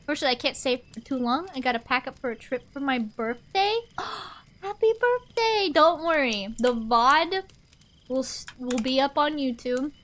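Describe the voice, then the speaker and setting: Bright high-voiced woman streamer. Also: moderate pace. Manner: chatty, rambling, answers chat aloud. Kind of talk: casual chat with a live stream audience.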